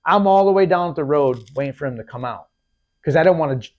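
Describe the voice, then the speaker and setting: Animated man telling a hunting story. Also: fairly high pitch, a little fast, muffled recording. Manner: animated, acts out quotes, repeats and restarts. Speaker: podcast host. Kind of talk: casual storytelling.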